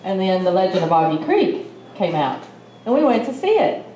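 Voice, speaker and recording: A woman's voice: mid-range voice, very animated, normal speed, dark tone. A middle-aged woman with an East Texas accent, telling a personal story at a symposium in a chatty, folksy way. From Malta, Texas. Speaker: symposium speaker. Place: conference hall. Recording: roomy hall with faint noise.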